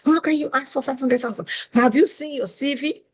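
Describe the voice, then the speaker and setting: A woman's voice: medium pitch, expressive, brisk, darkish tone, slight background noise, lightly acted. A woman voicing an exasperated female recruiter who scolds and lectures a job candidate. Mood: indignant.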